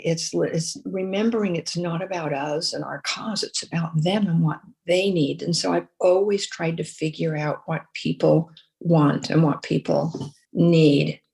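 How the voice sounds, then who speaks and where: An older woman from the United States, a veteran fundraiser, telling lively stories in a podcast interview with frequent restarts. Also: on the low side, creaky. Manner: storytelling, animated, many restarts and repeated words. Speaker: guest, former chief fundraiser.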